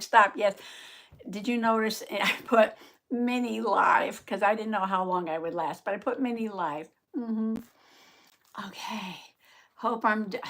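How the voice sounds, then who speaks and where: A woman chats with her viewers on a live stream in an unhurried, mid-pitched voice. She sounds short of voice and a little out of breath. She laughs often and greets viewers by name. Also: fairly bright tone. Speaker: journaling vlogger hosting a live stream. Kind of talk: casual live-stream chat.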